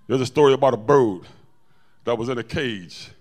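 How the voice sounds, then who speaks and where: A man preaching a lively sermon to his congregation, telling stories and calling out to the room. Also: medium pitch, normal speed. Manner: animated preaching, storytelling with call-outs to the congregation. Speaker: pastor.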